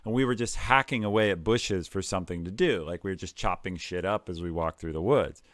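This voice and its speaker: A middle-aged man from Ohio, a tech executive guest, telling stories in a calm, measured way with frequent pauses and fillers. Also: low-pitched, dry recording, clean studio sound. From Ohio, United States. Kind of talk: conversational storytelling.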